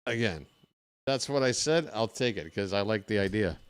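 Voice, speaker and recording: A man doing casual live play-by-play of a ballgame, chatting straight to his viewers between pitches with candid, self-deprecating asides. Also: animated, moderate pace, clear, resonant tone, dry recording. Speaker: play-by-play commentator.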